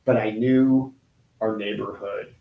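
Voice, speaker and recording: A man's voice: lowish voice, steady tone, phone-quality sound. Guy in his 40s telling his story, lots of restarts, kinda echoey room. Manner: halting, with many restarts and pauses. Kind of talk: emotional personal account in an interview. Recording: roomy echo.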